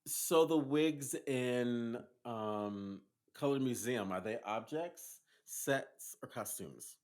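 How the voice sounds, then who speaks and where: A man's voice: mid-range voice, slow. A man co-hosting a casual podcast who asks curious, playful questions and sometimes jokes around. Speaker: podcast co-host. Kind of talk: casual chat.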